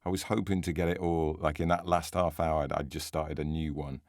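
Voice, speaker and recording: A man's voice: a bass voice, level tone, brisk, darkish tone, no room sound, studio quality. A man co-hosting a podcast in casual chat, self-deprecating and easily amused. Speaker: podcast co-host.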